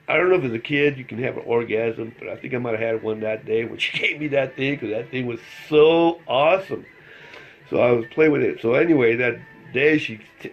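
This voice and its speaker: Middle-aged El man, Spanish; casual rambling storyteller who chuckles often; average pitch; muffled lo-fi recording. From El Paso, Texas. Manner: rambling, chuckles through the telling. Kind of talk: casual anecdote telling. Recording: slightly dull lo-fi recording.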